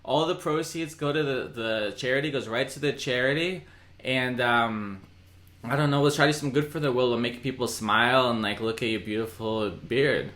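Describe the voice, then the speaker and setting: A man's voice: medium pitch, moderate pace, fairly bright tone. A young man hosting a casual comedy podcast, teasing and joking with his guest.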